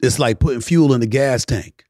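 A man hosting a podcast in a casual monologue, emphatic, swinging between loud preaching and low murmurs, now and then singing bits of old soul songs. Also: normal speed, no echo, studio quality. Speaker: podcast host.

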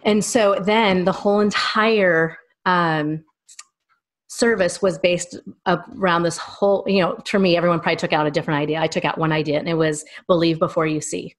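A woman in her thirties with a somewhat low voice, telling long personal stories as a guest. She rambles and circles back as she talks in an easygoing, conversational way. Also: fairly even intonation, moderate pace. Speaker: small business owner and guest. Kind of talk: casual interview chat.

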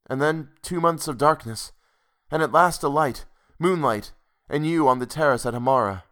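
A man's voice: fairly high pitch, moderate pace, fairly bright tone, pitched above the performer's own voice, lightly acted. A man reading the part of a weary, haunted man who speaks eagerly and pleadingly to a woman in a ghost story. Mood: earnest.

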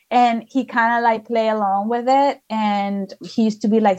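A woman's voice: on the high side, steady tone, normal speed, hardly any pauses, a little mellow, highs cut off. A woman guest, a spiritual healer from outside the United States, telling personal stories in casual, chatty talk full of "like". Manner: chatty, frequent "like" fillers. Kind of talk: casual conversational storytelling.

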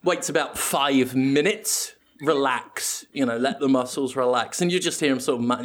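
A man's voice: mid-range voice, moderate pace, few pauses. A man hosting a comedy podcast, rambling playfully through an absurd improvised story and laughing at his own jokes. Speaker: podcast host.

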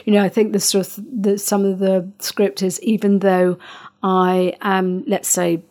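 A middle-aged woman, hosting a parenting podcast and talking gently through a calm breathing exercise, with many fillers and restarts. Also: mid-range voice, measured pace. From Northern Ireland. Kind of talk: calm guided instruction.

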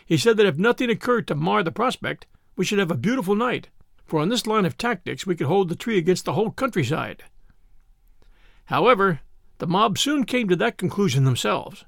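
A man narrating a classic novel as an audiobook, with an expressive, dramatic reading. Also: high-pitched, a little fast, gravelly, dry recording, studio quality. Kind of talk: scripted storybook narration.

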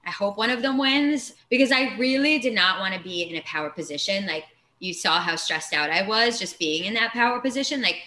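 A woman with a bright, forceful voice talks candidly in a casual podcast chat. Her sentences ramble and are full of "like.". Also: medium pitch, lively intonation, fairly quick, slight background noise, low-quality recording. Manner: candid, rambling, frequent "like" fillers. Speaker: podcast guest.

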